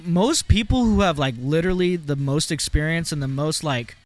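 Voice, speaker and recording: A man's voice: fairly high pitch, normal speed. A man co-hosting a podcast, talking loosely with lots of fillers and casual swearing. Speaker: podcast co-host.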